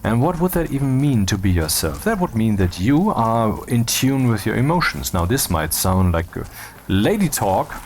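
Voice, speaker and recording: A man's voice: on the low side, very animated, moderate pace, a little mellow, a little hiss or hum. A man talking casually over gameplay, rambling and cutting himself off, with wry asides. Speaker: video creator.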